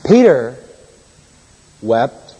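A man preaching a sermon with great passion, soaring to loud high peaks and then dropping low and quiet, and putting questions to his listeners. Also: big pitch swings, extremely slow, husky, big-room sound, muffled recording. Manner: rhetorical questions to the congregation.

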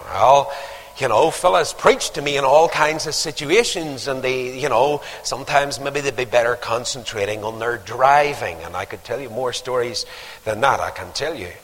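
A man's voice: medium pitch, a little slow, fairly bright tone, a little hiss or hum. An older man preaching a sermon, telling stories and building to emphatic calls to action. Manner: storytelling, rising to emphatic exhortation. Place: church. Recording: long hall reverb.

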